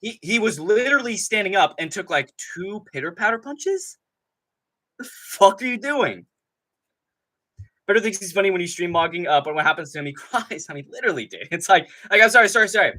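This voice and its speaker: A man hosting a live fight-night stream, ranting in a rambling, profane, excitable way and often laughing mid-sentence. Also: sits high, fast talker, few pauses. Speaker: MMA streamer host. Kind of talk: live stream commentary, casual rant.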